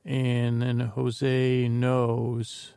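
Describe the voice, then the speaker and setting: Gravelly guy reading his notes out loud, flat voice, wanders off into asides. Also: medium pitch, very slow, no echo, studio quality. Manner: meandering, reads his notes aloud with asides. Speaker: podcast host. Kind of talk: rambling episode recap from notes.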